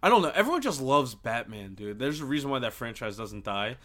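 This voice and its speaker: A man's voice: medium pitch, sing-song, fairly quick, a bit bright. Young man joking in casual chat. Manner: joking, rambling, heavy on filler words. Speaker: podcast co-host.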